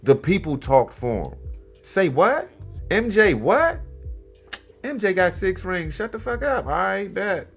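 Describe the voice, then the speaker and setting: Guy riffing on basketball clips, goes loud then mutters low, mocking, faint music under it. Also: unhurried, gravelly, slightly rough. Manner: animated, mocking, shifts between loud exclamations and low mutters. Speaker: host. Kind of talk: comedic commentary on clips.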